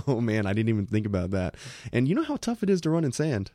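A man's voice: fairly low pitch, wildly swooping pitch, brisk, mellow, dry recording, clean studio sound. A man co-hosting a Christian show, talking earnestly about an interview and laughing easily. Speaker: podcast co-host. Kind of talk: casual commentary.

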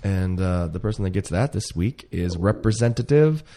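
Jokey man co-host, quick to react. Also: low voice, animated, mellow. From American South. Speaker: podcast co-host. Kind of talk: casual chat.

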